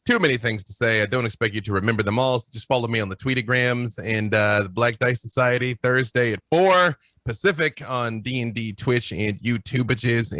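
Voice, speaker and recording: A man's voice: medium pitch, fairly bright tone, no room sound. A man joking around as a guest in a casual panel chat. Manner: jokey, laughing asides. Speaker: guest storyteller.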